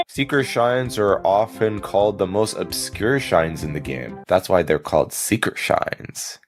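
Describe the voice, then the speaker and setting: A young man giving scripted video-game commentary in a sarcastic, crude, joking rant. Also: sits low. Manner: sarcastic, crude, fast joking rants with acted asides. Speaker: gaming commentator. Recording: faint background music.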